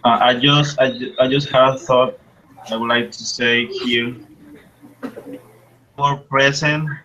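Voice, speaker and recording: Male English teacher, online class, unhurried, bright and crisp delivery, repeats words for pronunciation. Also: mid-range voice, steady tone, dull audio. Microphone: computer mic on a video call. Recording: faint background noise on a call.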